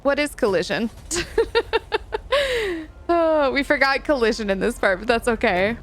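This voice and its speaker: A woman's voice: a little high, animated, fairly quick. Chatty woman streaming a game. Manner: chatty, reads and answers chat, giggles often. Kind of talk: casual live-stream chat while gaming.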